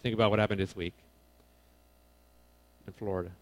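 A man preaching a casual sermon to young people, animated, swinging between loud emphasis and quiet asides, often correcting himself. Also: fairly low pitch, a little fast. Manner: casual, self-correcting, informal phrasing.

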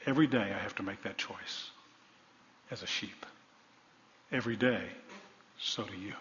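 A man's voice: fairly low pitch, moderate pace, long pauses, a bit bright. A male pastor preaching a sermon, asking the congregation rhetorical questions and building to emphatic points. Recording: dull sound in a long-reverb hall.

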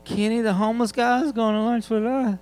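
A man voicing a scared young kid who squeals in alarm, high and incredulous. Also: steady tone, fairly quick, a little mellow, clear, resonant tone, faint music behind.

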